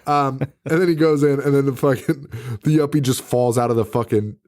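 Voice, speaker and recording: A man's voice: medium pitch, steady tone, brisk, darkish tone. A man co-hosting a podcast, casually recapping a horror film with lots of swearing and laughter. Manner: profane, laughing, acts out scenes in silly voices. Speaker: podcast co-host. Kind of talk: casual movie recap chat.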